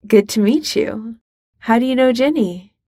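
A woman voicing a nervous, awkward young man who talks quickly and teases self-consciously. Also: a little high, dark tone, slightly rough, dry recording, studio quality.

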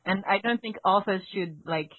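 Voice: mid-range voice, normal speed, dry recording. A non-native English speaker in a casual podcast chat, talking hesitantly with lots of fillers and restarts. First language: not English. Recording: dry tinny phone-like audio.

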